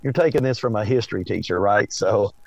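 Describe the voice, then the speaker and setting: A man with an Appalachian Southern accent, a history teacher speaking as a podcast guest in a slow, melodic storytelling way. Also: lowish voice, a little mellow, dry recording, lo-fi sound. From East Tennessee. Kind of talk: casual interview chat.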